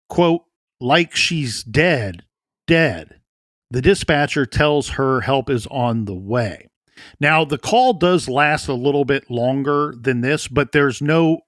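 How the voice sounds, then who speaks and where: A man co-hosts a true crime podcast, working through a case earnestly and often repeating words as he thinks out loud. His voice is mid-range with a fairly bright tone, and the recording is dry and clean, studio-grade.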